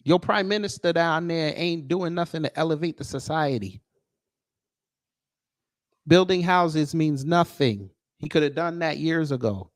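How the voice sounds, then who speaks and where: A man's voice: a little high, a little slow, no echo, studio quality. A man delivering a heated, combative commentary rant, sarcastic and taunting. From United States. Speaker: commentary host.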